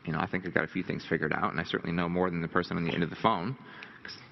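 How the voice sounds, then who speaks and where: A man's voice: low-pitched, little pitch movement, racing, creaky, a little hiss or hum. A man telling a candid, rambling, self-deprecating story to a live audience as a motivational speaker. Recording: dull lo-fi recording in a reverberant hall.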